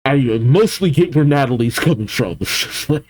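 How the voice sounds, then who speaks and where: A man's voice: medium pitch, animated, moderate pace, darkish tone. A man hosting a reaction video, thinking aloud about a cartoon episode with frequent groans, sighs and exclamations. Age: adult, older than the show's young fans.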